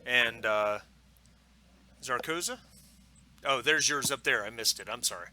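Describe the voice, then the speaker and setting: Casting: male game master, very bright, relaxed rule explainer with fillers. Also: mid-range voice, a little slow. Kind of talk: narrating a tabletop game.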